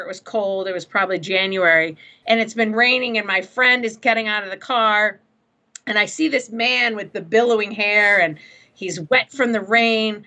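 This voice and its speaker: Bright-voiced middle-aged woman telling stories. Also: fairly high pitch. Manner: animated storyteller, laughs often. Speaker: guest. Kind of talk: casual podcast chat.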